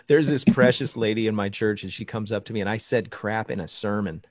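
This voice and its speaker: A man's voice: fairly low pitch, normal speed, no room sound. Chatty pastor guest, dry close sound, call audio, laughs through his anecdotes. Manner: storytelling, animated, laughs often. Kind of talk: casual chat over a video call. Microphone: video call.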